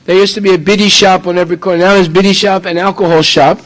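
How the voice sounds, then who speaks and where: A man's voice: high voice, flat delivery, quick pace, a bit bright, poor audio. A man from the United States preaching a sermon, emphatic and full of rhetorical questions.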